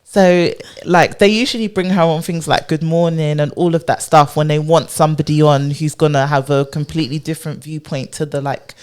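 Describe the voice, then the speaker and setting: Low-voiced woman co-hosting, animated and emphatic. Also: clean tone. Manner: animated, emphatic, quick to agree. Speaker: podcast co-host. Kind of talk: casual chat.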